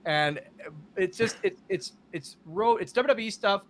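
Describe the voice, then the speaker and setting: A man guesting on a podcast, telling animated, swear-filled stories and acting out the dialogue. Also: high-pitched, measured pace, slight background noise. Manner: animated, acts out quoted dialogue, swears freely. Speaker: podcast guest, wrestler and comic. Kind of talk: casual storytelling.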